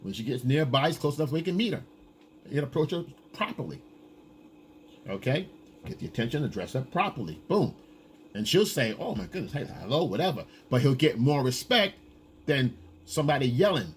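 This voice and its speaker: A man's voice: mid-range voice, very animated, brisk, a little hiss or hum. A man giving blunt, profane, lecturing dating advice in a casual coaching monologue.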